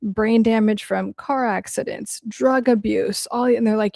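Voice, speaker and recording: Blunt, chatty woman with a gravelly edge. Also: fairly high pitch, steady tone, a little slow, darkish tone, dry recording, clean studio sound. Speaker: host answering viewer questions. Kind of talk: casual livestream Q&A.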